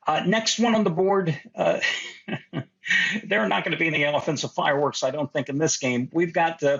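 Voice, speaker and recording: A middle-aged man giving sports betting picks in casual podcast chat, animated and quick in bursts, with a husky voice. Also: mid-range voice, highs cut off. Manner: animated, talks fast in bursts, laughs in disbelief.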